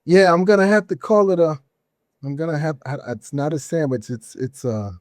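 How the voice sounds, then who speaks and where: A man's voice: a little high, lively intonation, moderate pace, no room sound, studio quality. A man guesting on a podcast as an emcee, talking in an easygoing, self-deprecating way with trailing restarts. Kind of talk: casual interview chat.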